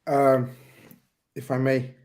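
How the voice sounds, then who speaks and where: A man hosting a call-in show, polite and measured, speaking with formal courtesy to a caller. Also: medium pitch, monotone, a little mellow. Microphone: video call.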